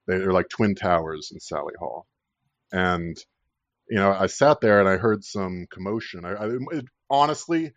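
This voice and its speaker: A man's voice: deep voice, no echo, highs cut off. A man in his thirties casually telling a rambling personal story, swearing freely and laughing at his own tale.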